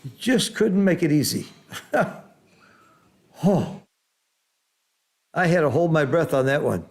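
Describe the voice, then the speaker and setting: A middle-aged man commentating a backgammon match live, exclaiming over the rolls and then calmly explaining strategy like a teacher. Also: on the high side, slow pace.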